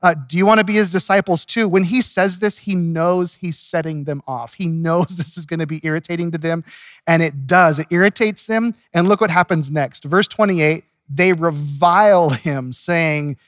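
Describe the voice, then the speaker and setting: A pastor preaching an expository sermon, telling the story in a lively way and chuckling at the text. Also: male voice, fairly high pitch, moderate pace, smooth, no echo, studio quality.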